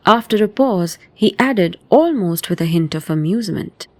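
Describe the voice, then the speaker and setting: Measured woman narrating a thriller. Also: mid-range voice, lively intonation, darkish tone, no room sound. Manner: measured, descriptive. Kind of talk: scripted audio drama narration.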